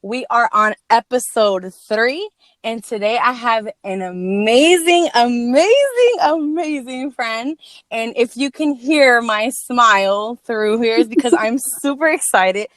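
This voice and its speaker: A young woman hosting a podcast from home, chatting casually, jokey and quick to laugh. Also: fairly high pitch, fairly bright tone, no echo, clean studio sound. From Maryland. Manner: giggly, jokey, laughs often. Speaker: podcast host. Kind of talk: casual chat. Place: home room, door opened.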